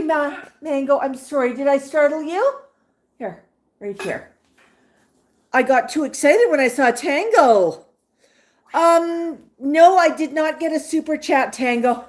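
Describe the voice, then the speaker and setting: A woman's voice: high-pitched, animated, measured pace. A woman hosting a livestream with her pet parrots, talking to them in sing-song baby talk and reading out viewer chat. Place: home room with parrots. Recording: roomy room with background noise and bird sounds.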